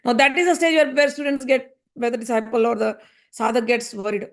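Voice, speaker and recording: A woman giving a spiritual discourse, earnest and gently reassuring, repeating her points. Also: sits high, quick pace. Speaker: spiritual teacher.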